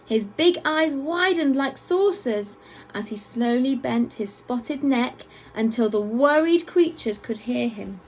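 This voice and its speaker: A woman teacher with a high voice reads a picture book to children at a school assembly, taking her time. Her storytelling is expressive and sprinkled with playful asides, and the recording is rough.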